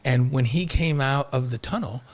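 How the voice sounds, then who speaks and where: Man, middle pitch, sports podcast co-host, casual, enthusiastic question asker. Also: normal speed.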